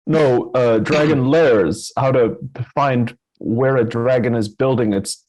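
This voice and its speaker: A man's voice: medium pitch, slow pace, darkish tone, low-quality recording. A man playing a tabletop game, speaking up to ask questions. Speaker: player. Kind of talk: in-character tabletop play.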